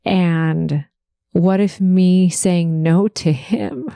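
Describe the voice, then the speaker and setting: Slow, gravelly-voiced woman podcast host. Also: lowish voice, steady tone, mellow, no echo. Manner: heartfelt, faith-focused, slowly emotional. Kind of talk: personal confessional storytelling.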